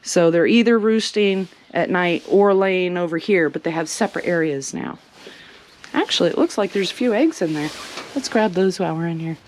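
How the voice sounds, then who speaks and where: A woman chatting casually as she walks through her homestead showing the animals, sometimes cooing at them in a high sing-song. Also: animated, moderate pace, darkish tone, a little hiss or hum. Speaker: homestead vlogger. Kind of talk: casual walking tour vlog. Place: outdoors on a homestead among animals.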